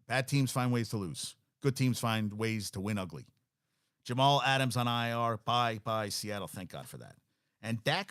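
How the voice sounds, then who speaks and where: A man runs a casual sports talk monologue, firing off numbers and records between blunt, wry comments. His voice sits at an ordinary pitch. The sound is dry, with no room around it. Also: no echo. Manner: rattles off stats, blunt and wry. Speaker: sports show host.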